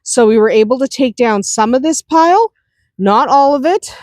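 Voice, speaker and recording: A woman's voice: high voice, lively intonation, normal speed, darkish tone, dry recording. A woman chatting through a casual farm vlog, outdoors on a windy farm, often laughing and talking to her animals. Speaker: homestead vlogger.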